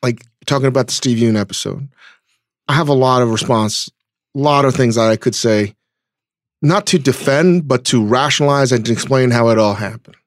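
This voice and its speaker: Guy hosting a podcast, talks loose and thinks out loud, medium voice, dry close sound. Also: medium pitch, normal speed, no echo. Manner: conversational, thinks aloud with restarts. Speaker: podcast host. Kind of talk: casual interview chat.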